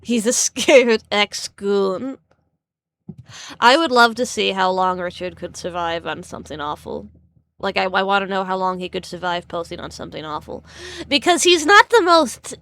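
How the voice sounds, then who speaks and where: A woman's voice: medium pitch, pushed and bright. A woman streamer chatting casually, rambling and stammering with frequent laughs. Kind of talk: casual live-stream chat.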